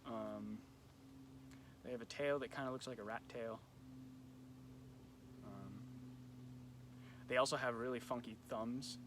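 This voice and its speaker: A young man, a camp educator at a nature center, chats loosely through nature trivia for kids on a live stream, using plenty of ums. His mid-range voice stays steady, runs a little slow and pauses often, and the phone or camera picks up a noisy background.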